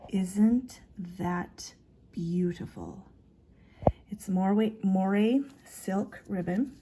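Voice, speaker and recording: A woman showing off items from her collection in a casual, excited chat that trails off and restarts. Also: mid-range voice, slight background noise. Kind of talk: casual show-and-tell.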